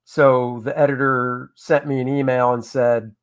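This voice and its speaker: An older comic book inker hosts a live drawing stream, casually telling anecdotes about his work and reading viewer comments aloud. His mid-range voice is flat and measured, with a clean tone.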